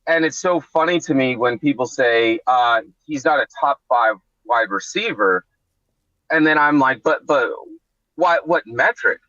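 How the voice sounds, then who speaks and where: A man's voice: medium pitch, measured pace, pushed and bright, dry recording. A man on a remote call to a sports podcast, talking casually and rambling with many restarts, over a dull lo-fi connection.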